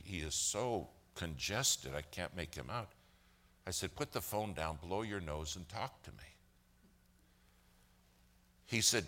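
A man's voice: deep voice, a bit bright. A man telling a long church story as a sermon, acting out the quoted dialogue of the people in it.

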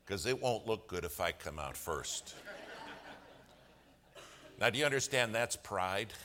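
A man, a lawyer by trade, telling a story in a sermon. He acts out the other people's lines with humor and gets loud at key moments. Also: lowish voice, slow pace, pauses often. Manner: animated storyteller, acts out quoted voices with humor. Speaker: lawyer giving a testimony.

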